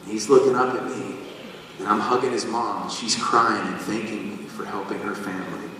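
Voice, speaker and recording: A singer on stage telling the audience a personal story, animated and self-deprecating. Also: male voice, fairly low pitch, moderate pace, slight background noise. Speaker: singer addressing a concert audience. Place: large concert venue. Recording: echoey live hall, taken from far off.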